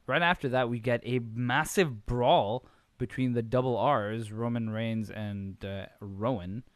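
This wrestling recap comes from a male podcast host whose voice is medium in pitch, recorded without echo. His delivery is casual and meandering, packed with swearing, fillers and fast impressions.

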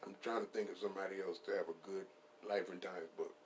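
A man with a low speaking voice riffs loosely on a comedy podcast. He swears freely and rambles from one bit to the next in a playful tone. Faint background noise sits behind him. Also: steady tone, fast. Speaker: podcast host. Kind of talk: casual comedic riffing.

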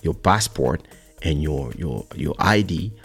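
A man hosting a podcast, chatting casually and telling a family story in an animated way. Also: extremely low pitch, slow pace, vocal fry, husky, soft background music. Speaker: podcast host. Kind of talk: casual chat.

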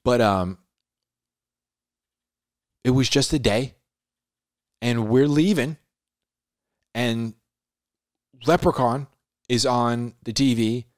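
A man, a podcast host, casually telling a story in a laid-back way, dropping "dude" and "like" often and building drama with pauses. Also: medium pitch, no echo, clean studio sound. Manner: animated, dramatic retelling with pauses.

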